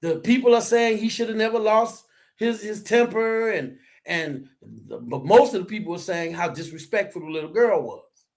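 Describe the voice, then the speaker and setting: A man co-hosting a casual discussion, talking in a preachy, animated way that rises to near shouts. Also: high voice, moderate pace, gravelly.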